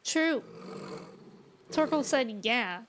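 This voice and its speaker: A woman's voice: a little high, lively intonation, drawn-out words, a little hiss or hum. A woman streaming a game, giving chatty, jokey, slangy commentary as she plays. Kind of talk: casual gameplay commentary. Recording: loud game music behind.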